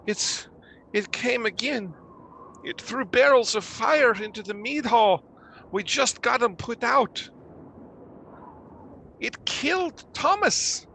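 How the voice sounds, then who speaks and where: Screaming, terrified villager. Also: male voice, slow, long pauses, sharp tone, a little hiss or hum, heavily acted. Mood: shaken. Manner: screaming, frantic, high-pitched. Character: panicked soot-covered village man, terrified.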